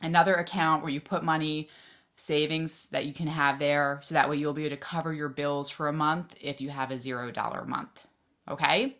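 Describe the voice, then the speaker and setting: A woman giving chatty, excitable budgeting advice straight to her viewers as a personal finance vlogger. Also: sits low. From Philadelphia area. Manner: chatty, excitable, quick asides. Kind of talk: casual talk to camera.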